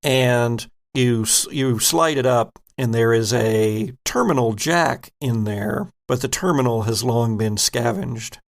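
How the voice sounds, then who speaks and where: A man narrating as game master in a tabletop horror game, describing scenes haltingly with many self-corrections. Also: mid-range voice, creaky.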